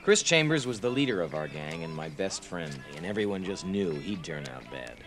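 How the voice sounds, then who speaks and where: A wistful narrator looking back on boyhood. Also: male voice, low-pitched, very animated, moderate pace, a bit bright. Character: grown man recalling his boyhood summer, reflective. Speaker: film narrator. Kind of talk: scripted film narration. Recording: narration over film score.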